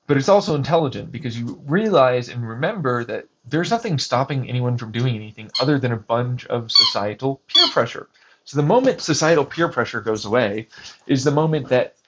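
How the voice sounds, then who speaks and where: Medium in pitch and fairly bright, a man's voice comes through a muffled lo-fi recording with a little hiss or hum. Vlogging outdoors on a hiking trail, he rambles through a personal story, swearing a lot and restarting often.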